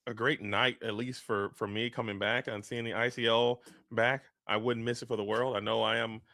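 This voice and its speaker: A man's voice: medium pitch, level tone, moderate pace, gravelly, sharp tone, dry recording. Man, live card game commentary, analytical, travel-fatigued, dry close mic. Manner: analytical, talks through plays at length. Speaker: esports caster.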